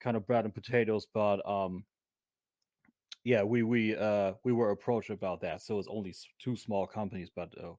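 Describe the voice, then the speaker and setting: A man's voice: fairly low pitch, fairly even intonation, darkish tone, dry recording. German-accented man, dry close sound. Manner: halting, many restarts and ums. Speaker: podcast guest, convention vendor. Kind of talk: casual chat.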